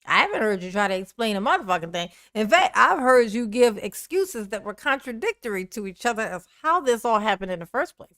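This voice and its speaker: A woman's voice: on the high side, very animated, fairly quick, few pauses, fairly bright tone, no room sound, studio quality. A woman streaming live commentary, mocking the clips she plays, laughing often and answering her viewers' chat. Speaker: streamer reacting to court clips. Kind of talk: livestream commentary.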